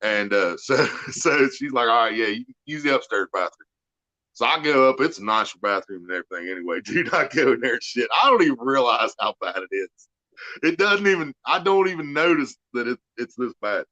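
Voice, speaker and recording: A man's voice: medium pitch, sing-song, brisk, pushed and bright, dry recording. A man from the United States hosting a casual, profane chat, telling crude stories and laughing through them. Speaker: podcast host. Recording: dull lo-fi dry recording.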